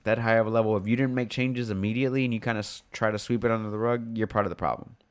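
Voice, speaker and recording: Low-pitched young guy ranting casually on a podcast, blunt and sweary. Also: steady tone, rapid-fire, clear, resonant tone. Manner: blunt, swears freely, fired up. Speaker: podcast co-host. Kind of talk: casual chat.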